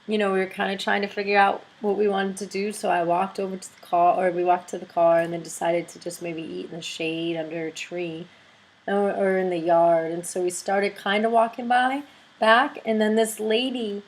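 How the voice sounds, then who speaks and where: Gushing, excitable woman vlogger. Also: medium pitch, moderate pace, poor audio. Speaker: video blogger. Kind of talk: casual storytelling vlog.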